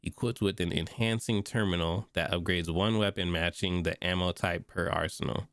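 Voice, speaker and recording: A man's voice: low voice, fairly even intonation, moderate pace, a bit bright, no echo, studio quality. A stuffy-sounding man streaming, reading notes aloud and breaking off into casual, slangy reactions. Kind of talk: casual livestream commentary.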